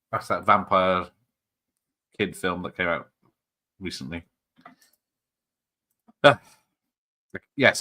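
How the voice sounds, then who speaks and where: A man's voice: low voice, bright, forceful tone. A man hosting a casual film watch party online, joking and rambling with frequent laughs. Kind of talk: casual chat over a film.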